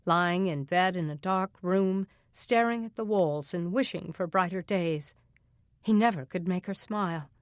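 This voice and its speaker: A woman reading a suspense audiobook in a steady, even narration. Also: medium pitch, dry recording, studio quality.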